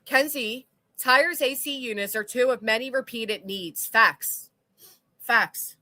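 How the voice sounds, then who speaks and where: A woman's voice: on the high side, unhurried, bright, forceful tone. A woman hosting a livestream, reading chat comments aloud with blunt, sarcastic commentary and casual swearing. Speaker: commentary channel host.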